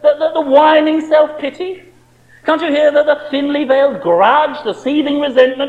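A man's voice: extremely high pitch, moderate pace, narrow, tinny audio. A man preaching a sermon with impassioned rhetorical questions.

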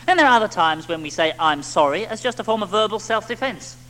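Guy preaching, high bright voice, bouncy, keeps asking "isn't it?". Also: fast talker, rough recording. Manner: animated, rhetorical tag questions, acts out little quotes. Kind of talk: sermon.

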